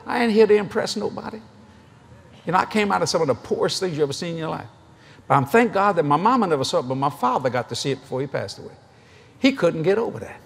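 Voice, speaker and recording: A middle-aged man preaching a sermon at a convention, an animated, joking storyteller. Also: fairly high pitch, fast talker, creaky, breathy edge.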